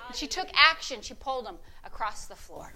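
A woman pastor preaching a fervent sermon, with call-and-response and sudden loud shouts of praise. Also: fairly high pitch, big pitch swings, brisk.

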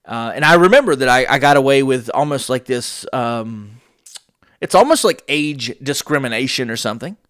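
A man's voice: mid-range voice, moderate pace, dry recording. Man telling a story, dry close sound. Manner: animated storyteller acting out quoted dialogue. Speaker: podcast host. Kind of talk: storytelling monologue.

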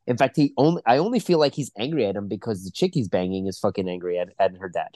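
A man's voice: fairly low pitch, fast talker, warm tone, no echo. Congested man, podcast co-host, emphatic profane ranter, dry close mic. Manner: ranting, emphatic, swears often. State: congested, clogged nose. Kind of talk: casual movie-review chat.

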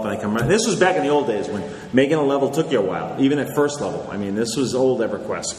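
A middle-aged man tells stories to an audience, animated and quick to laugh. His pitch rises and falls a lot. He is heard in a big, reverberant hall with noise behind him. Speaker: author and guest speaker. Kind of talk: anecdotal panel talk. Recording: echoey hall with crowd noise.

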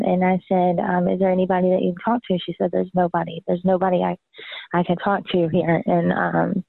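A young adult woman gives personal testimony as an interviewee, halting and full of fillers and restarts. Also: on the low side, flat delivery, vocal fry, no echo. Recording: tinny phone-like line.

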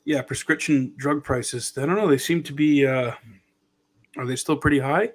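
A man's voice: mid-range voice, moderate pace. A man co-hosting a podcast, talking loosely about politics with many restarts. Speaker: podcast co-host. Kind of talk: casual political chat.

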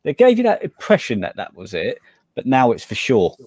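A man's voice: medium pitch, wildly swooping pitch, fairly quick, a little mellow, husky, no room sound. A man co-hosting a podcast in casual chat, laid-back but opinionated. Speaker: podcast co-host.

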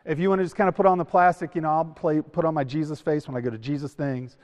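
Youth speaker: a man with a slightly high voice, animated storyteller, long hall reverb. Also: fast talker. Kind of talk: sermon to a youth camp.

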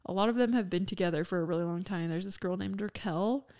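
Low-ish and a little mellow, this young woman talks fast. She's a podcast co-host in a casual chat, telling stories in a giggly, chatty manner packed with "like"s.

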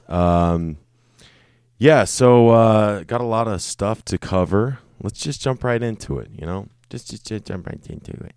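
A man's voice: on the low side, unhurried, darkish tone, clear, resonant tone, dry recording, clean studio sound. A young man hosting a casual solo podcast, rambling and joking with plenty of swearing. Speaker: podcast host.

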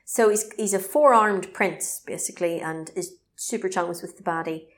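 A woman co-hosting a casual chat, recapping a video game with animated, laughing asides. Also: lowish voice, moderate pace.

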